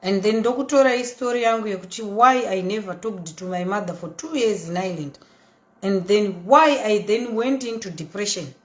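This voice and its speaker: A woman in her thirties with a Zimbabwean accent, telling her story in a chatty, animated way that mixes English and Shona. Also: medium pitch, normal speed, reverberant. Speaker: socialite vlogger. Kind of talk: casual storytelling monologue.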